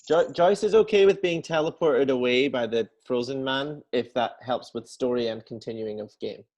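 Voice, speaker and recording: A man in a tabletop game chats eagerly with the game master and the other players. His voice is of middle pitch for a man, plain and casual. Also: normal speed, darkish tone, muffled recording.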